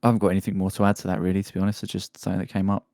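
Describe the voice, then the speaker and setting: Low-voiced man in casual podcast banter. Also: completely flat delivery, racing, warm tone, no room sound, clean studio sound. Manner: rambling, laughing banter with swearing. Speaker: podcast host. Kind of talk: casual chat.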